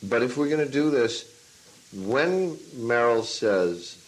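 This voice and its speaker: A man, a film and stage director, answering an interview question as a lively storyteller who acts out his own past lines. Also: mid-range voice, takes it slowly, low-quality recording. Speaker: teacher of a class.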